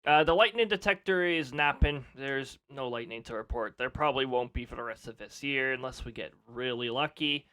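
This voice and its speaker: A man's voice: mid-range voice, brisk, few pauses, bright, forceful tone, clear, resonant tone. A man chatting casually on a live stream, laughing often and reading off weather details.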